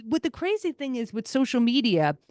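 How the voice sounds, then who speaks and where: A woman's voice: on the high side, fairly quick, no room sound, clean studio sound. A woman hosting a podcast, gushing and rambling through casual sports talk. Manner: excitable, gushing, rambling storyteller. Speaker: podcast host.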